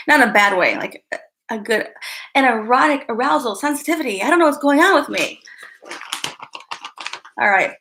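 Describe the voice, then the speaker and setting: Bright, gravelly-voiced woman live streamer. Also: high voice, very animated, normal speed, pauses often. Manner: giggly, easily distracted, greets chat by name. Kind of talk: casual live-stream chat.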